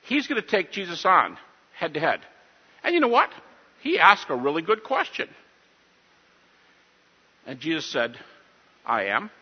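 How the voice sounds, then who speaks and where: A man lectures to a live audience in an emphatic, animated way and throws questions at them. His voice is husky, a little high and swings widely in pitch. The recording is muffled, with a long hall echo. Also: measured pace, pauses often. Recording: dull audio in a reverberant hall.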